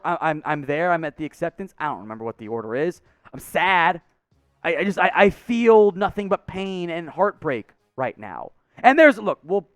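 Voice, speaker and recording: A man hosting a sports show, ranting in frustration, his voice going hoarse. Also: high-pitched, fairly bright tone, no echo, clean studio sound. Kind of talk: fired-up sports commentary.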